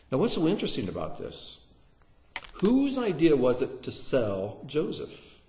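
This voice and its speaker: Animated male Bible teacher, lively pitch. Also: normal speed. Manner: animated, dramatic, acts out voices. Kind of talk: sermon teaching through scripture.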